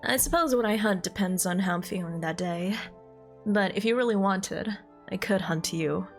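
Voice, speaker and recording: A woman streamer doing her impression of a cool, teasing female duelist huntress, in a low, sultry, mock-menacing voice. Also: normal speed, faint music behind, close to an everyday voice. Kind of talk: impression of a game character on stream.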